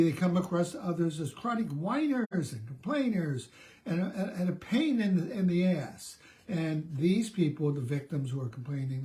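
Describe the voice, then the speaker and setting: A man's voice: a little high, darkish tone. A middle-aged man, a therapist, giving a conversational self-help talk, often restarting and repeating words.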